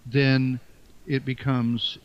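A male guest in a radio interview, thinking aloud slowly and circling back on his words. His voice sits at an ordinary pitch for a man. The recording sounds dull and muffled, as if from an older lo-fi source. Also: little pitch movement. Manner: halting, repeats words while searching for phrasing. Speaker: interview guest, writer and musician. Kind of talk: reflective conversational interview.

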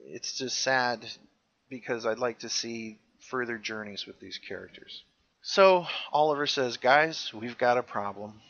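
Man, podcast co-host, bright forceful voice, animated, muffled lo-fi audio. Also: medium pitch, a little slow, no room sound. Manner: animated, jumps into character voices when quoting. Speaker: podcast co-host recapping a show. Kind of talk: casual chat, retelling scenes with quoted lines.

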